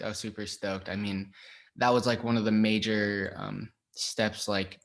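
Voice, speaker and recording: Young male actor from Los Angeles, lowish pitch, relaxed, hesitant interview answers. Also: moderate pace, vocal fry. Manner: relaxed, hesitant, many ums and likes. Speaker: actor guest. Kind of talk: casual interview.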